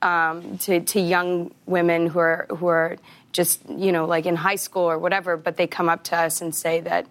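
Woman actor guest, lower register, chatty and giggly, casual. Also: flat delivery, normal speed. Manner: laughs often, chatty with many fillers. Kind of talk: casual interview chat.

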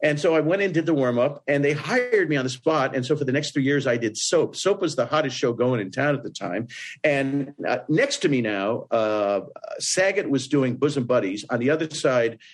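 A man from Indiana tells show-business stories as an interview guest, in an ordinary mid-range voice. He talks in an animated way and keeps leaping up in pitch to act out what other people said. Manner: animated, breaks into voices with big jumps up in pitch. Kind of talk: storytelling in an interview.

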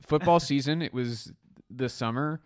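Male comedian guest, relaxed anecdotal talker, middle pitch. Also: a little slow. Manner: easygoing, rambling anecdotes. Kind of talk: casual chat.

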